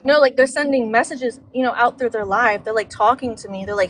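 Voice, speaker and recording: A woman's voice: fairly high pitch, steady tone, brisk, hardly any pauses, fairly bright tone. A woman venting on a livestream, rambling and emphatic, heavy with swearing. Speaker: livestream guest. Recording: noisy background.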